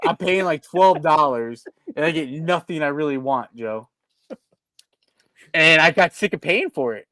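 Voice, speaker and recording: A man co-hosting a podcast, telling a story in a rambling, animated way with lots of restarts and acted-out quotes. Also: fairly high pitch, unhurried, dry recording. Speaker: podcast co-host. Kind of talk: casual chat.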